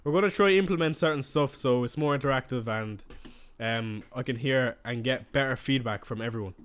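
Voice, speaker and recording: A young man hosts a casual live stream, talking loosely and answering viewers' questions as they come in. His voice sits at an ordinary middle pitch for a man. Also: fairly quick, smooth. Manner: chatty, reacting to viewer questions.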